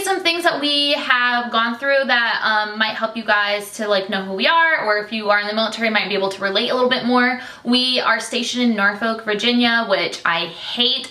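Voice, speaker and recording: A young military wife from Michigan talks candidly to camera in a personal vlog, chatty and full of fillers, and at times she gets tearful and emotional. Her voice is on the high side, bright and forceful, in a reverberant space.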